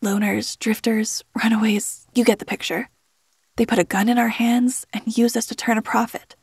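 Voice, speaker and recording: A woman doing a gruff veteran squad leader. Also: a little high, level tone, normal speed, dry recording. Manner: blunt, calls everyone kid. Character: gruff veteran male team supervisor, loyal.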